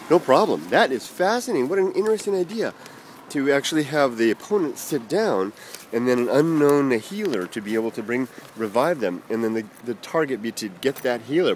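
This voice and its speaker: Animated man reading viewer comments. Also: mid-range voice, a little hiss or hum. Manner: animated, enthusiastic reactions. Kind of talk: casual chat.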